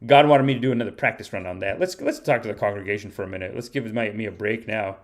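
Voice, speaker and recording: A man's voice: lowish voice, fast talker. A man hosting a casual podcast livestream, telling stories in a rambling, playful way. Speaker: podcast host and stand-up comedian.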